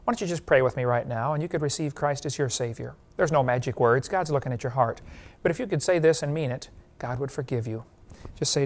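A male evangelist preaching a sermon, an animated storyteller who laughs at his own jokes and appeals directly to the listener. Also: medium pitch, quick pace.

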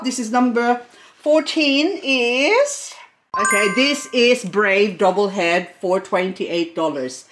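Excitable middle-aged woman unboxing succulents, gushes a lot, chats to the plants. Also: mid-range voice, slow, slight background noise. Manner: gushing, excitable, talks to plants. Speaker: succulent vlogger. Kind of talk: casual unboxing chat.

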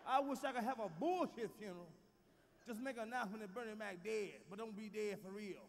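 A male stand-up comedian with a high, gravelly voice performs his routine on a large theater stage, talking a little fast. He is loud and profane, with a booming delivery and shouted punchlines. The live recording carries big hall reverb and faint crowd noise.

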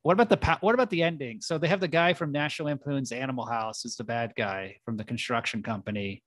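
A man's voice: medium pitch, fast, a bit bright, no room sound, clean studio sound. Man riffing through comic bits. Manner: riffing, building absurd comic scenarios. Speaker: podcast co-host. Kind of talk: casual movie-review banter.

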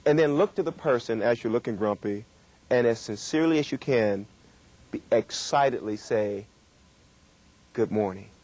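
Husky man giving a workshop lecture. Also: medium pitch, darkish tone. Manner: emphatic, drawn-out stresses. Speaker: communication trainer.

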